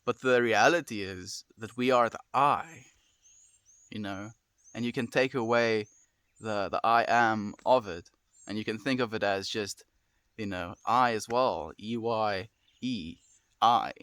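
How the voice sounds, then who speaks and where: This young adult streamer's voice is on the low side yet fairly bright, with a clean tone, a measured pace and no echo. His casual talk with viewers is heartfelt, earnest and rambling, full of sighs and "dude".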